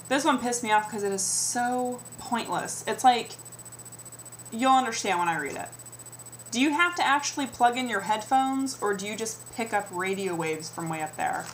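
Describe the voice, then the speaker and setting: A woman's voice: medium pitch, expressive, normal speed, slight background noise, rough recording. A young adult woman vlogging a sarcastic comedic rant, mimicking the comments people make to her.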